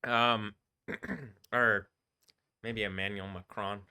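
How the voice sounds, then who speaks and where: A man's voice: lowish voice, fairly even intonation, drawn-out words, pushed and bright, clean tone. A man rambling and swearing on a live stream, often breaking into laughter. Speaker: livestreaming DJ.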